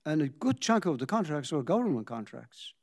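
An older man, a company founder, tells his story in a reflective talk, pausing for drama and acting out the conversations he recounts. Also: on the high side, big pitch swings. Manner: dramatic pauses, acts out quoted dialogue.

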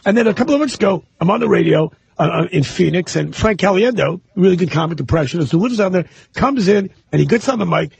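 A middle-aged man with a New York accent whose voice is rough, gravelly and raspy from years of yelling and smoking. He tells his stories animatedly, with a high, swooping pitch. The sound is dry and close. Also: no echo. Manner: animated storyteller. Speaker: stand-up comedian guest. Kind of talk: casual talk radio chat.

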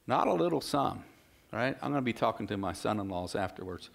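A middle-aged male pastor preaching a sermon in a relaxed, conversational way, full of rhetorical questions and asides. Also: on the low side, fairly quick, creaky.

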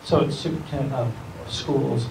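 A man's voice: mid-range voice, fairly even intonation, normal speed, creaky. A man, a county school superintendent, talking informally to a group, rambling and correcting himself with small chuckles. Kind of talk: informal talk to a civic group. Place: meeting room. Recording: echoey room, distant mic, faint hiss.

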